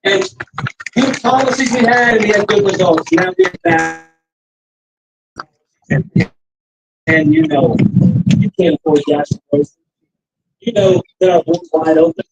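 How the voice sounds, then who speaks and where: High, lively man giving a rally speech. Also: a little slow, vocal fry, long pauses, breathy edge, low-quality recording. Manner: animated storyteller who acts out the quoted voices. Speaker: campaign rally speaker. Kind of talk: political rally speech with anecdotes. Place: restaurant campaign stop.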